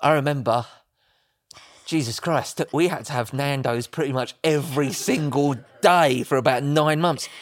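A man, co-hosting a podcast in casual chat, telling animated stories. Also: medium pitch, normal speed, no room sound, clean studio sound. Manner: animated storytelling, acts out voices. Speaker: podcast co-host.

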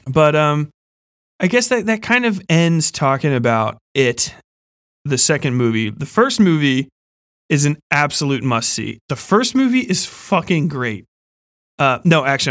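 A man's voice: mid-range voice, fairly bright tone, no room sound. Rambling, profane young man, dry close sound. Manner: rambling, profane, laughs often. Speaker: podcast host. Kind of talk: casual review chat.

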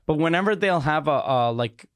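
Quebec comedian cohosting, chill, swears, voice a bit high, dry mic. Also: male voice, expressive, moderate pace, clean tone, no echo. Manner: laid-back, profane, frequent agreeing interjections. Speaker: podcast co-host, comedian. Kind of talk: casual podcast chat.

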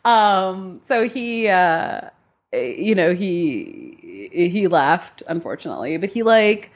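A woman's voice: fairly low pitch, slow. A woman in her thirties, a romance author and podcast guest, telling a dating story in casual chat, giggling often and acting out the others in the story. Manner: giggly, animated, quotes others in raised voice.

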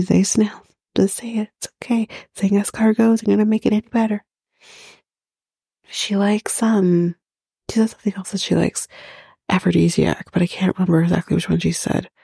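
Gravelly, husky woman dishing reality TV. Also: medium pitch, fairly even intonation, unhurried, long pauses, mellow, no room sound, studio quality. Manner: blunt, swears freely, mocking asides. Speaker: podcast host. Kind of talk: casual recap chat.

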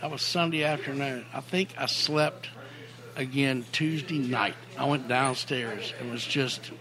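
A middle-aged man, a songwriter guest, telling career stories in a casual interview, animated, rambling and full of swearing. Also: mid-range voice, a little slow, a crowd in the background. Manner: animated, profane, rambling storyteller.

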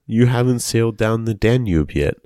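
A man's voice: medium pitch, expressive, moderate pace, dark tone, no echo. A man co-hosting a casual podcast, laid-back, tossing in dry factual asides. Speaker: podcast co-host. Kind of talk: casual chat.

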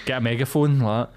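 A man's voice: mid-range voice, darkish tone. A young Scottish man co-hosting a podcast, telling a sweary road-rage story in casual chat and acting out the voices. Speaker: podcast co-host.

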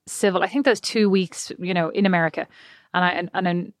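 Irish woman rattling off stories, kinda low voice, wry, dry mic. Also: steady tone, brisk, no echo. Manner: storytelling, wry, laughs easily. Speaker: podcast co-host. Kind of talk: casual chat.

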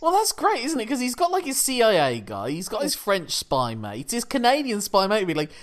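Quick-talking jokey young man. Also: high voice, huge pitch swings, a bit bright. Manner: quick, jokey, laughs often. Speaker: podcast co-host. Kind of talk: casual film review chat.

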